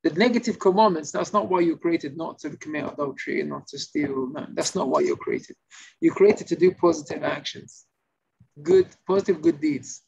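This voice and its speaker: A male rabbi giving an informal Torah class, telling stories and acting out the shouting characters. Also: on the high side, normal speed, creaky, slightly rough. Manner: animated storytelling, acts out shouting characters. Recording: slightly muffled recording with faint noise.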